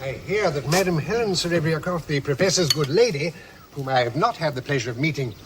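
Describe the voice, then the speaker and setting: High-voiced, solemn and stiff earnest gent voiced by an actor for a radio play. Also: male voice, animated, fairly quick, background noise, natural voice. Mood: formal. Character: pompous, earnest middle-aged man, devoted and easily hurt. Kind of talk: radio drama acting.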